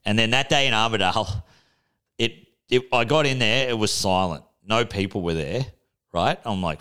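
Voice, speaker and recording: A man's voice: fairly low pitch, normal speed, pushed and bright, clean tone. A young Australian man telling a story on a podcast in a laid-back, casual way, swearing freely. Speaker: podcast co-host. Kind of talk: casual chat.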